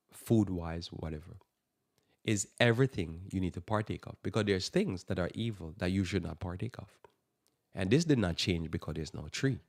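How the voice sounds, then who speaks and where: Deep-voiced man preaching on radio. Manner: emphatic, repeats phrases for stress. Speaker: radio talk show host. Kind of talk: preaching Bible talk.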